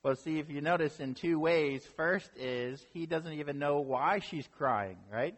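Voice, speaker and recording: A man's voice: on the high side, a little slow. A man preaching a sermon as a pastor, retelling a story conversationally and often checking in with the listeners. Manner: conversational storytelling, often asks "right?" to the audience. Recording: long reverb of a hall.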